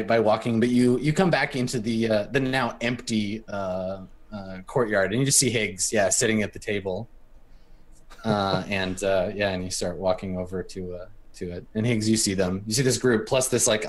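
A man's voice: on the low side, normal speed. A man narrating as game master for a tabletop game, hesitant and full of fillers.

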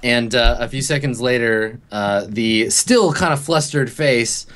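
A man's voice: medium pitch, measured pace, fairly bright tone. Man narrating as game master, full of ums. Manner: hesitant, filler-heavy, laid-back.

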